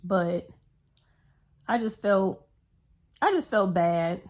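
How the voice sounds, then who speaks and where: Speaking very slowly, a young woman retells a personal story to camera for her vlog, rambling earnestly and using lots of fillers. Her mid-range voice is animated and a little mellow, and the telling is emotional and heartfelt.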